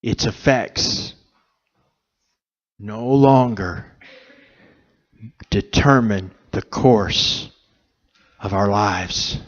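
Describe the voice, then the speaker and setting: A man preaching a sermon in a church, speaking slowly and earnestly with pauses between phrases. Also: on the low side, lo-fi sound. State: emotional, choked up. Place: church sanctuary.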